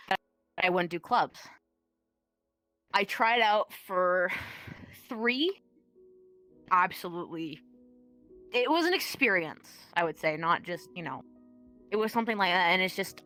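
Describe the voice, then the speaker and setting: A woman's voice: lowish voice, a bit bright. Young woman guest, candid, laughs a lot, swears easy, faint music in the back. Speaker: guest dancer. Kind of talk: casual interview chat.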